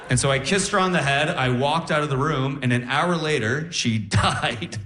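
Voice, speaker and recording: A young man doing a stand-up set on a live stage, telling stories in a lively, animated way. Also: fairly high pitch, normal speed, few pauses. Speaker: stand-up comedian. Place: live comedy stage with audience.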